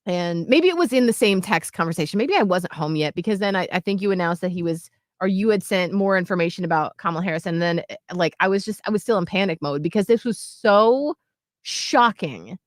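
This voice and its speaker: A woman in her thirties co-hosting a radio show, retelling a story in an animated, excitable way. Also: on the low side, brisk, no echo, clean studio sound. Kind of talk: casual chat.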